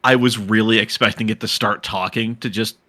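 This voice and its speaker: A man co-hosting a casual podcast, animated and swearing casually as he talks. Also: lowish voice, brisk. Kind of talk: casual chat.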